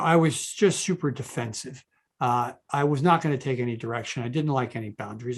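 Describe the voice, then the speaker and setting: A man, a child behaviorist, telling stories in an interview over a video call, with many restarts. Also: medium pitch. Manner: animated, many restarts, quotes others in his own voice. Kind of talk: conversational interview storytelling.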